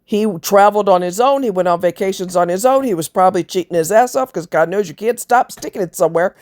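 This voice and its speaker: A woman's voice: medium pitch, fast talker, a little mellow. A woman ranting to her viewers in a blunt, scornful, profane way, mocking others in voiced quotes. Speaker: vlogger.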